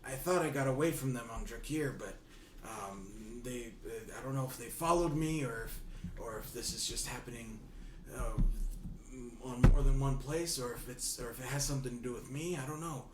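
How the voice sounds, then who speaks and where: A man's voice: medium pitch, close to an everyday voice. A man voicing a nervous frog man who stammers and halts through every sentence. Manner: hesitant, halting, full of ums. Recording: roomy, distant mic, noisy.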